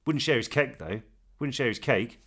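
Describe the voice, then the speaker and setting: A man co-hosting a podcast, chatting in an animated way and laughing easily. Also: medium pitch, normal speed, husky. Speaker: podcast co-host. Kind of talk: casual chat.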